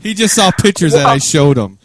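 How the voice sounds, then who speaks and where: A man co-hosting a radio talk show, teasing his partner with deadpan jokes. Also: fairly high pitch, brisk. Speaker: radio co-host. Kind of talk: playful radio banter.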